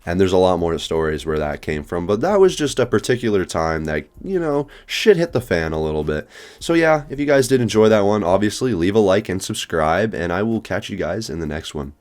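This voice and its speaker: A young man telling a personal story to his vlog audience in a casual, slangy, profane way, full of asides and quick jokes. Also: low-pitched, sing-song, a little mellow.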